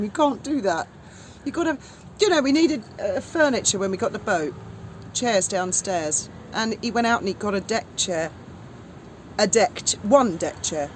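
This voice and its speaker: A woman's voice: mid-range voice, slight background noise. A woman chatting casually with her husband, cutting in with dry, teasing remarks. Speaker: wife of the vlogger. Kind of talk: casual chat.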